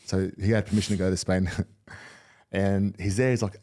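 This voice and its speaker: A low-pitched, dark-toned man speaks fairly quickly: he's a middle-aged retired rugby league player on a podcast. Candid and rambling, he repeatedly restarts as he spins stories in a casual interview.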